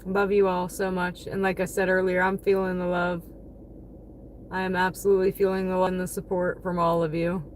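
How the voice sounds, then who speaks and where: A woman's voice: on the low side, completely flat delivery, fairly quick, slight background noise. A woman chatting casually on a livestream, thanking her viewers one by one by name. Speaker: livestreaming delivery driver.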